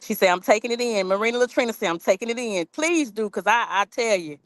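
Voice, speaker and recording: With a phone camera on a tripod, this woman streams live from her backyard garden, chatty and reading out viewers' comments, saying "y'all" freely. Her voice is on the high side, animated and quick, with no echo.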